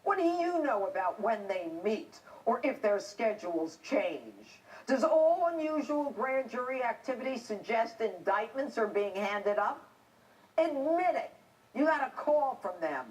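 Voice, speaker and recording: A woman's voice: on the high side, sing-song, a little slow, few pauses, distant mic, low-quality recording. A middle-aged woman, a TV host and former police officer, delivering a scripted opinion monologue in a combative, indignant, emphatic way.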